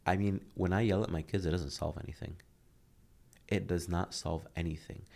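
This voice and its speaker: With a low, creaky voice at a moderate pace, a motivational speaker in his thirties talks candidly as a podcast guest. His storytelling is earnest and lively, and he acts out what people said.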